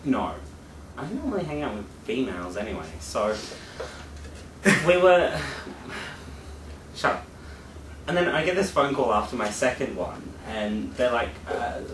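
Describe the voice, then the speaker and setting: Man, podcast co-host, lively storyteller, pitch swinging up and down, roomy sound, set back from the mic. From Australia. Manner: chatty, animated storyteller. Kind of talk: casual radio-show chat. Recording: roomy sound, far from mic, faint hiss.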